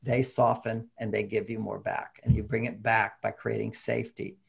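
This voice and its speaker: Older man, gravelly, husky, animated, acts out quoted dialogue, relationship talk. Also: lowish voice, moderate pace. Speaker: relationship author guest. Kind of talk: casual interview talk.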